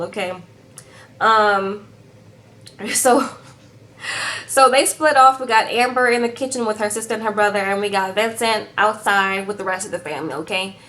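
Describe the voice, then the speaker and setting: A woman's voice: mid-range voice, fairly bright tone. A woman recapping a reality show in a sassy, chatty tone, keeps tagging her sentences with "okay?" and calls her viewers "girl". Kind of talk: casual recap chat.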